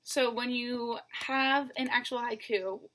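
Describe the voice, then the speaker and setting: Patient woman teacher, slightly high voice. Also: fairly even intonation, slow pace, a bit bright. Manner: patient, counts out syllables one by one; addresses students directly. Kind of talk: recorded lesson explanation.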